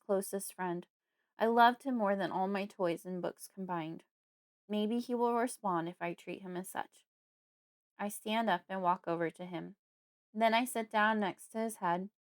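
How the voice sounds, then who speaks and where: A woman narrating a first-person horror audiobook in a measured storytelling manner, close to the mic. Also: mid-range voice, no echo.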